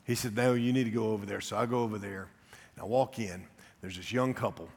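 Gravelly preacher in a church hall. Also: male voice, fairly low pitch, fairly even intonation, quick pace. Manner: emotional storytelling, swings from loud to hushed. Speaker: guest preacher. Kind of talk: sermon with personal story. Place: church sanctuary.

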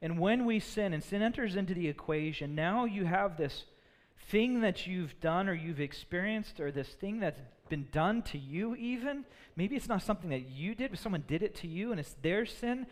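A man preaching a sermon, earnest, often repeating words as he builds a point and dropping low and quiet for sad moments. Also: expressive, normal speed. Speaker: pastor. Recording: long hall reverb.

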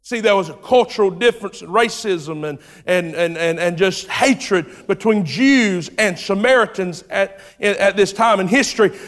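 A man's voice: high-pitched, moderate pace, hardly any pauses. Preaching man in a reverberant hall. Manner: builds from soft storytelling to shouted, rising preaching; acts out voices in the story. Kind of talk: sermon.

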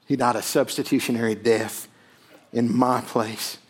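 A male pastor preaching a sermon, emphatic, swelling loud and then dropping almost to a hush, often checking in with "right?". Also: mid-range voice, fairly even intonation, measured pace, husky.

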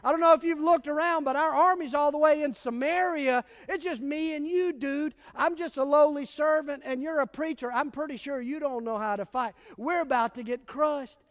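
A man's voice: very high voice, moderate pace, hardly any pauses. A man voicing a panicked young male servant while retelling a story in a sermon. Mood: incredulous. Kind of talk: preacher acting out a story.

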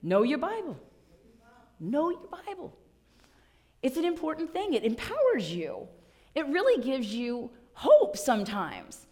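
A woman pastor preaching a sermon, telling a story playfully and acting out little voices in the quotes. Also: sits high.

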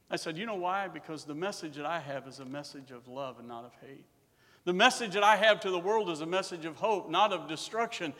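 High-voiced man preaching in a hall. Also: expressive, a little fast. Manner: swings from quiet to loud preaching, quotes scripture in old English. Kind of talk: revival sermon. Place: church.

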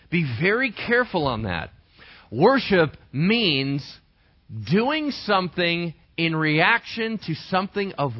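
A man preaching a sermon as a pastor, conversational and animated, asking the congregation rhetorical questions. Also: high-pitched. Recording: dull lo-fi dry recording.

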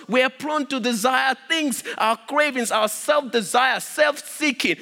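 A man preaching a sermon as pastor, emphatic, with loud stresses that drop to low asides. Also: unhurried. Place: church sanctuary. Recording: long reverb of a large hall.

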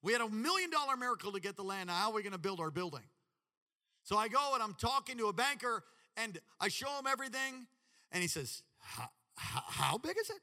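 A man preaching a sermon with animated, dramatic delivery and sudden shouts. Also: high-pitched, fast talker, long reverb tail. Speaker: pastor.

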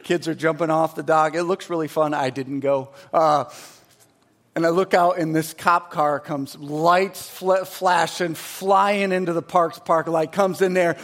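A man in his forties, a pastor, preaching a sermon with energetic storytelling and emphatic, rising delivery. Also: fairly high pitch, a little slow.

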